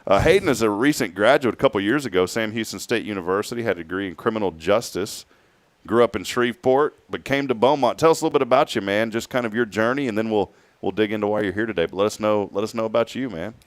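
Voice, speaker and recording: A man's voice: on the low side, quick pace, dry recording. A middle-aged man hosting a casual morning radio show, jovial and teasing his guests.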